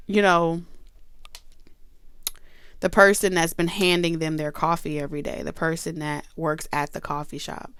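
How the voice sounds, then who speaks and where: A woman's voice: low-pitched, moderate pace, pauses often, a bit bright, clear, resonant tone, dry recording. A woman giving a casual tarot reading, chatty and emphatic, cursing freely and talking straight to her viewers. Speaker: tarot reader.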